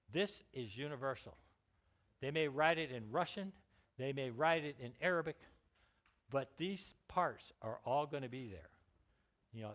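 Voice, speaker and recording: Man, Californian American accent, guest lecturer, casual talk, joking asides, repeats words. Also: medium pitch. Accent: Californian American English. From California, United States. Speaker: guest lecturer on scientific writing. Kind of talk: informal lecture.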